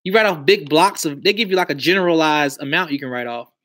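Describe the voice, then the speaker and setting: Guy on a live stream, bright voice, loose slangy confident chat. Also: fairly high pitch, fast talker. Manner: loose, conversational, slangy and self-assured. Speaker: credit and tax educator. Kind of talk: casual live-stream talk.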